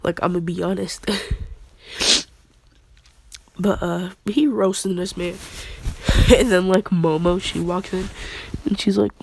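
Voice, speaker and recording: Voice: medium pitch, fairly even intonation, slow, creaky, long pauses, husky. A young adult with a congested voice, rambling through an improvised fan story in slangy casual talk. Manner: rambling, slangy, often breaking into laughter.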